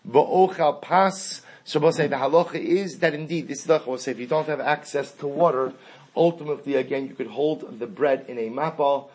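A man's voice: medium pitch, darkish tone. A man teaching a Talmud lesson, reading the text aloud and then explaining it step by step in English.

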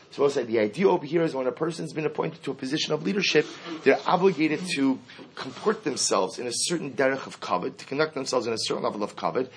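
A man giving a Talmud lesson, reading Aramaic lines and explaining them in English with lively emphasis. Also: mid-range voice, slightly rough. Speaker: Talmud teacher. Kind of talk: Talmud class lecture.

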